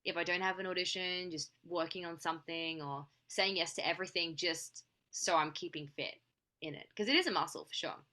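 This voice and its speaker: A young woman from Australia talks casually as a podcast guest with a bright, forceful tone. Her speech is loose and chatty, full of "like" and little restarts. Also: fairly low pitch, steady tone, brisk. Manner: chatty, filler-heavy with frequent "like". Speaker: podcast guest, actress and singer. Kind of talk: casual interview chat.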